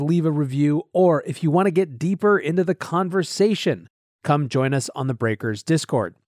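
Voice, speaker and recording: A man hosting a daily markets podcast, talking in an energetic, conversational way. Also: a little high, no echo, clean studio sound. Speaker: podcast host.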